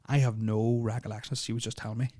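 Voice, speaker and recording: Fast-talking man, rambling. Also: lowish voice, flat delivery, mellow, no echo. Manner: rambling, full of "like" fillers, restarts and swearing; nervous, uneasy retelling. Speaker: podcast host. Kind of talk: casual storytelling of personal experiences.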